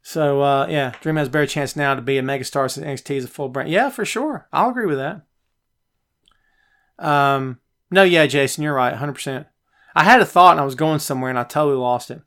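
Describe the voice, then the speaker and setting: A middle-aged man hosting a live stream from his home office, chatty and animated as he answers viewer comments. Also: on the high side, fairly quick. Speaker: podcast host. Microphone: headphones, phone nearby.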